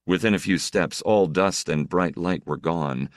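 A man narrating a story in a measured, expressive way. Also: low-pitched, no room sound, studio quality. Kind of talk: scripted narration.

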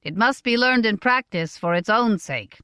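A woman's voice: a little high, expressive, bright, forceful tone, clean tone, dry recording, studio quality. Woman reading as a stern merchant father. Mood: earnest. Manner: measured, earnest, deliberate. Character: stern middle-aged merchant father, measured. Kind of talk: audiobook character voice.

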